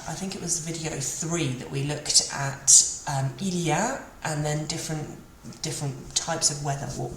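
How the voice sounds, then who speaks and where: A woman teaching a beginner language lesson, patiently repeating phrases slowly for learners. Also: deep voice, slight background noise. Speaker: French teacher. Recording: roomy with faint ambience.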